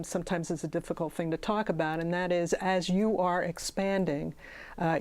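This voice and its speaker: A woman's voice: on the low side, a little mellow, smooth. A woman hosting a community television interview, friendly and chatty, thanking her guest and audience. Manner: friendly, chatty, laughs often. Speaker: community TV show host. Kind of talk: casual interview chat.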